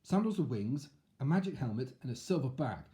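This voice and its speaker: A man's voice: mid-range voice, very animated, a little fast, warm tone, voice pushed up, lightly acted. A man voicing a brave young hero in a storybook, sounding eager and bold.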